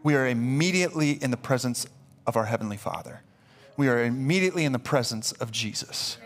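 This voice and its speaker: Heard over a live church stream with faint music, a male pastor delivers his sermon at medium pitch and a slightly fast clip. He's emphatic, repeating himself when he gets excited.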